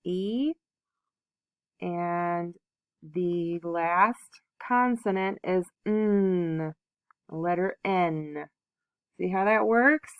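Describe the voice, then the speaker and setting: Slow, patient woman teaching phonics. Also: fairly low pitch, clear, resonant tone, no echo. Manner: slow, patient, sounding out letters and syllables. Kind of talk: phonics lesson for young children.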